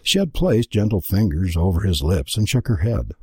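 A man giving a dramatic, expressive scripted narration of a storybook. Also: sits low, normal speed, slightly rough, no room sound, studio quality. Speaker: audiobook narrator.

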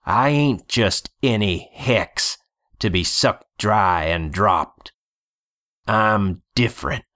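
A man voicing a mean, cocky young male gunslinger with dark powers, snarling and threatening. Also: on the low side, takes it slowly.

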